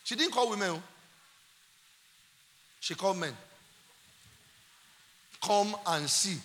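A male pastor with a Nigerian accent delivers an animated sermon, dropping into quiet asides and rising to shouted climaxes. His voice sits high and sounds bright and sharp. A long reverb from the church hall trails every phrase. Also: slow.

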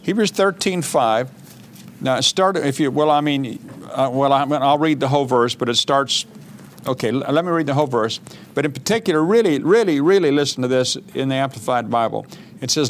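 A man's voice: mid-range voice, brisk, slight background noise. A man preaching a sermon, reading scripture with mounting emphasis and breaking into chatty asides. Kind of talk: sermon teaching.

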